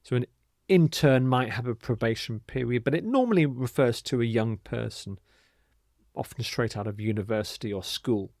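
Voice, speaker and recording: A man's voice: mid-range voice, a little mellow, dry recording. Dry-voiced male vocabulary teacher. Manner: clear, deliberate, models pronunciation and stress. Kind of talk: scripted vocabulary lesson.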